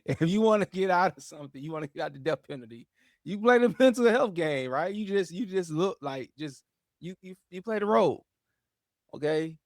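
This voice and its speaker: A man hosts a casual commentary show, his fairly high voice jumping between muttered asides and loud outbursts. He talks in slang and often repeats himself. The sound is dry and close. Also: animated, fairly quick, dry recording. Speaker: host.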